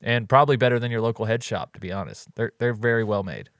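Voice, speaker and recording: A man's voice: mid-range voice, lively intonation, fast, fairly bright tone. A man co-hosting a podcast, chatting in a laid-back way and reading an ad. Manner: laid-back, chatty, says "you know" a lot. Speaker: podcast co-host. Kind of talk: casual chat with ad read.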